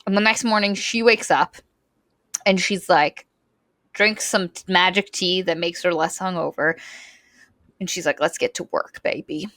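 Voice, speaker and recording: A woman co-hosting a casual book discussion, retelling the story in an animated way with lots of "like" fillers. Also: lowish voice, unhurried, long pauses, no room sound, studio quality. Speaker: podcast co-host.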